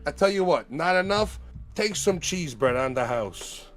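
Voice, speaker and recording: A man's voice: a little high, animated, a little slow, soft background music, voice pushed up. A man putting on the voice of a boisterous pizza shop owner who hard-sells his deals. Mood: hard-selling. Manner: loud, hard-selling.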